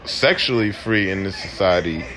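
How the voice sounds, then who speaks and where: A man's voice: deep voice, moderate pace, background noise. A young man hosting a podcast, ranting casually with lots of slang and swearing, laughing often. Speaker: podcast host. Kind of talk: casual opinion rant.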